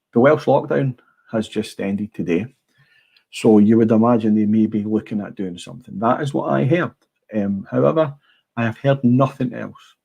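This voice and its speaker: Using a small clip-on mic, a middle-aged man from Scotland hosts an informal livestream, speaking bluntly, rambling and cursing without restraint. He has a dark, mid-range voice with vocal fry and some breathiness.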